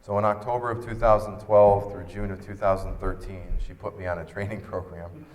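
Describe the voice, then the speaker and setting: A man speaks from an expo stage with a fairly low voice, telling a personal story earnestly. His voice carries a long reverb from the hall. He switches into lively voices when he quotes people. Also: brisk. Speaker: keynote speaker.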